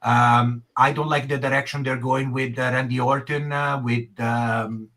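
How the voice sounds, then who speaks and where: A man talking haltingly in a casual podcast chat, with many pauses and fillers. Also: mid-range voice, level tone, a bit bright. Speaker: podcast co-host.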